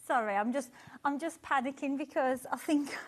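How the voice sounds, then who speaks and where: A woman co-presenting a live shopping show, enthusiastic and quick to exclaim. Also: sits high.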